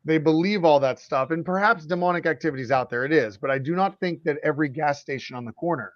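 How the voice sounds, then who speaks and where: A middle-aged man co-hosting a podcast, talking casually in animated bursts and going on a passionate rant. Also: on the high side, dry recording. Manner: animated, ranting, quick bursts. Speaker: podcast co-host. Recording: dry, slightly dull audio.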